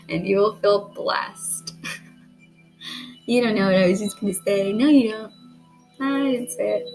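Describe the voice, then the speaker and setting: Slow, chatty woman doing a tarot reading. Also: mid-range voice, creaky, darkish tone, poor audio. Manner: chatty, apologetic and self-deprecating. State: keeps clearing her throat. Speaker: tarot reader.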